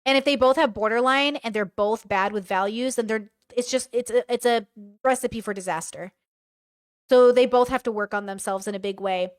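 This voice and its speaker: A woman's voice: on the high side, moderate pace, no room sound, studio quality. A woman giving casual reaction commentary, reading messages aloud and passing blunt, slangy judgments.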